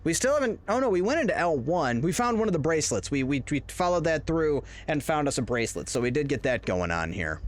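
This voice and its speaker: A man streams a horror game live, cracking jokes and rambling to his chat as he plays. His voice sits on the high side, and a faint ambient hum runs under it. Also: big pitch swings, fast, hardly any pauses. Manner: rambling, jokey, talks to chat. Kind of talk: casual live-stream commentary.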